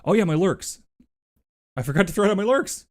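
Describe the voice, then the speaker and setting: A man's voice: sits high, big pitch swings, fairly quick, darkish tone, no echo, studio quality. A man live streaming who chats casually with his viewers, rambling, swearing freely and thanking them over and over. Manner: rambling, profane and effusively thankful.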